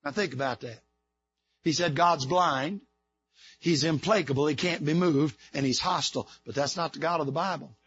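A man preaching a sermon from a church pulpit. He swings between shouting and hushed, soft passages. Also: on the high side, moderate pace, slightly rough, dull audio. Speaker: pastor.

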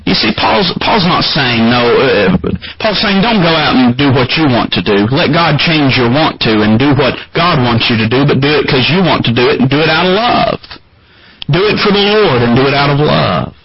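A man preaching a sermon as pastor, emphatic and climbing higher in pitch to drive points home. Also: lively intonation, normal speed, breathy edge, no echo. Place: church sanctuary. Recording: muffled lo-fi church recording with congregation.

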